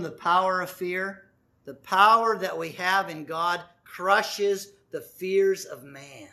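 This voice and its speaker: Man, pastor, sermon, high-pitched, emphatic, loud-to-hushed delivery. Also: vocal fry. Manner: emphatic, dramatic swings between loud and hushed.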